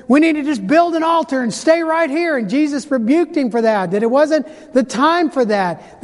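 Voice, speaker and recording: A man preaching a sermon, retelling scripture with dramatic pauses and slowed emphasis. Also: extremely high pitch. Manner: dramatic storytelling, slows for emphasis. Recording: hall reverb.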